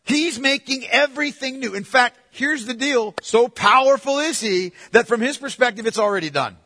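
A male pastor preaching a sermon, emphatic and swinging from hushed, drawn-out phrases to loud declarations. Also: extremely high pitch, in a large hall.

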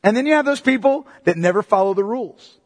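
A man preaching a sermon as pastor, emphatic and repetitive, swinging between loud and hushed delivery. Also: high-pitched, expressive, fast, big-room sound.

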